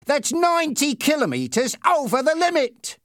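A heavy, red-faced motorcycle policeman, as a male narrator puts him on, with a slow, soft, sarcastic drawl that can snap into loud, high barking. The pitch swings widely through his lines, and the read is dry and close. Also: huge pitch swings, no echo. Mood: shouting. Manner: soft sarcastic taunting that bursts into loud shouting. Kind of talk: audiobook character reading.

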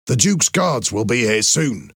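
A man voicing an urgent, gruff older soldier in an audiobook. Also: mid-range voice, very animated, measured pace, fairly bright tone, no echo, clean studio sound, voice pushed up, exaggerated voice.

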